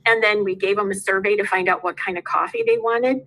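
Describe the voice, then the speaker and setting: A woman's voice: medium pitch, fairly quick, a bit bright, rough recording. Woman teacher telling classroom stories. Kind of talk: casual chat.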